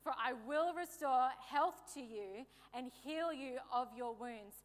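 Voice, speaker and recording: A woman's voice: sits high, slow. Woman preaching in an echoing hall. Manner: lively, joking asides, calls for amens. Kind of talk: sermon. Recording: long hall reverb.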